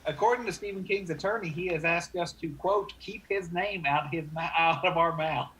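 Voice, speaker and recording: Bright-voiced deadpan co-host. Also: male voice, a little high, normal speed, slight background noise, rough recording. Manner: absurd non sequiturs, deadpan. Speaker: podcast co-host. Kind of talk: casual comedic banter.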